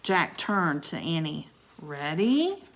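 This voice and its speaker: Woman reading a children's chapter book, expressive, slightly low voice, chatty asides. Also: a little slow, slight background noise. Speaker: storybook reader.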